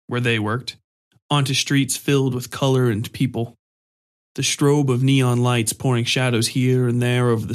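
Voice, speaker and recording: Man narrating a dark story. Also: mid-range voice.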